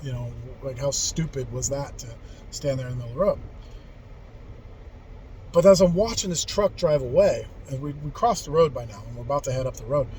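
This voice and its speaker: A man's voice: mid-range voice, animated, brisk, darkish tone, slight background noise, low-quality recording. A man in his forties casually telling a story from his youth, rambling and candid, with frequent swearing and restarts. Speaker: vlogger telling life stories.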